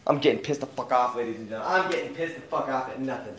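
A young man livestreaming who hypes up his chat with loud, profane shouting. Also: mid-range voice, lively intonation, a little fast. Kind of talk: hyped livestream hype-up. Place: outdoors at night in a warm, mosquito-filled spot. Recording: echoey live stream audio.

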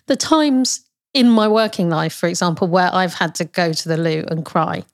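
A woman's voice: fairly low pitch, moderate pace. A woman, a corporate lawyer, talking frankly and emphatically in a casual conversation.

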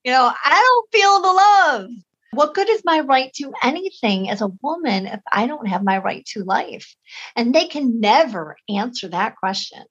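A woman's voice: medium pitch, husky. A woman talking as an interview guest, telling personal stories and acting out the voices of the people she quotes. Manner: animated, acts out quoted voices. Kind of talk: conversational storytelling. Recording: dull lo-fi sound.

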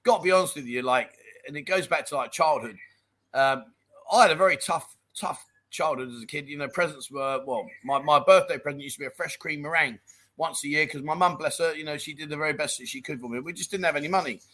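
A middle-aged man hosting a relaxed live-stream chat, reading viewer messages and laughing along. His voice sits a little high and sounds bright and forward, with an easy, jokey, matey way of talking. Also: fast. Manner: jokey, laughs often, calls people mate.

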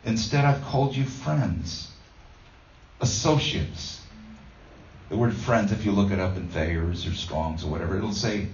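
Low-voiced pastor rambling through a story, lots of ums, far from the mic, dull roomy sound. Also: male voice, measured pace, darkish tone, a little hiss or hum. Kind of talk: conversational sermon.

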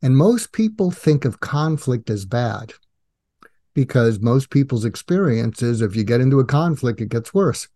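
A man's voice: mid-range voice, normal speed. An older man, a guest psychiatrist, explaining in an interview and acting out quoted dialogue. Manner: animated, acts out quoted dialogue.

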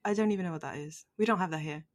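A woman's voice: fairly low pitch, rapid-fire, voice pushed down, close to an everyday voice. A woman voicing a prim, proper Englishwoman in a put-on English accent, politely scolding. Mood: haughty.

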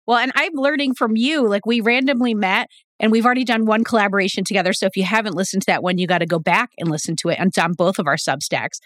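A woman's voice: mid-range voice, fast, fairly bright tone, no room sound. A woman podcast host in casual chat, chatty and laughing a lot, with a cold. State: has a cold.

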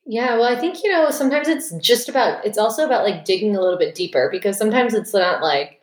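A woman's voice: mid-range voice, animated, brisk, hardly any pauses. A woman hosting a podcast, chatting casually and bluntly, with the odd swear word. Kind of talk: casual chat. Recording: roomy echo.

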